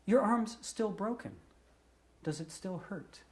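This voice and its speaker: A man's voice: high-pitched, takes it slowly, darkish tone. A man putting on the voice of a curious six-year-old girl who asks blunt, wide-eyed questions. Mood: concerned.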